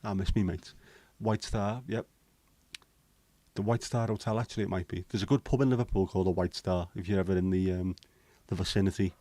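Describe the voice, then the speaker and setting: A man's voice: sits low, steady tone, fairly quick, warm tone, no room sound. A man, hosting a casual livestream chat, bantering with viewers and swearing casually. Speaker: livestream host.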